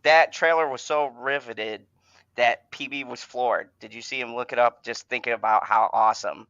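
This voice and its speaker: A man hosting a casual fan podcast, swearing and stammering, swinging between exasperation and excitement. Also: mid-range voice, normal speed, smooth, no echo, highs cut off. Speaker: host.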